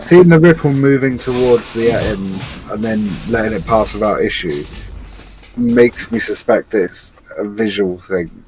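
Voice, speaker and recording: A man's voice: lowish voice, measured pace, a little mellow, a little hiss or hum, poor audio. A man playing a tabletop game, reasoning things through in a dry way. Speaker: player. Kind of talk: casual tabletop game chat.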